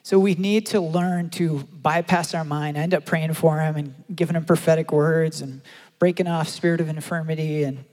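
Man preaching in an echoing church hall. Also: on the high side. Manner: animated storytelling, acting out quotes. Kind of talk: sermon with a story. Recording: long hall reverb.

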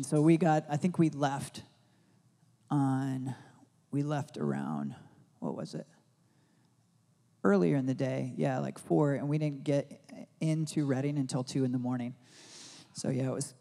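A man's voice: medium pitch, normal speed, creaky, pauses often. Man preaching in a reverberant sanctuary. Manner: rambling storytelling with many fillers and restarts; grows loud and excited in the retelling. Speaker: pastor. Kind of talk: sermon.

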